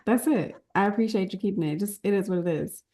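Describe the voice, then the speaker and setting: A woman's voice: medium pitch, fast, noisy background. Candid woman podcast co-host. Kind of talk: casual chat.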